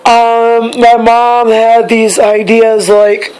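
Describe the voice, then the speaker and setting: A young woman, a bit hoarse, talking in a casual personal vlog, halting and repeating herself as she searches for words. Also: on the high side, flat delivery, a little mellow, faint music behind, rough recording. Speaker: vlogger.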